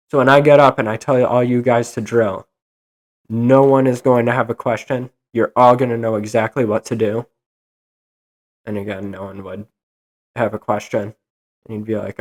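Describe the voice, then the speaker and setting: A young man hosting a solo podcast, ranting in an exasperated, animated way. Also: mid-range voice, normal speed. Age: young adult. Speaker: podcast host.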